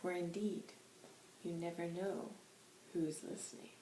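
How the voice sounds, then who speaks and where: A woman voicing a wise, gentle old male spirit guide who speaks in solemn, old-fashioned phrasing. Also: on the low side, flat delivery, measured pace, lightly acted. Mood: tender. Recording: roomy echo with faint background noise.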